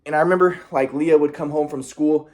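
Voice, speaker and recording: A man's voice: a little high, fairly even intonation, a little fast, darkish tone. Rambling, boastful man talking to camera. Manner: rambling and boastful, many restarts and throat clearing. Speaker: vlogger. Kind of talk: casual monologue.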